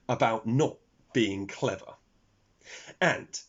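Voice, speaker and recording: Slow, husky man reading a children's story. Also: on the low side. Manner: expressive, talks to young listeners. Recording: dull lo-fi recording.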